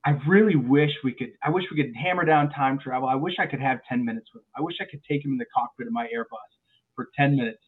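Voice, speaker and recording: Guy pilot chatting on a podcast, animated, keeps repeating words, sounds like a tinny phone line. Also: medium pitch, fast talker. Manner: animated storyteller with frequent restarts and repeated words. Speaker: airline pilot guest. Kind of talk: podcast interview chat.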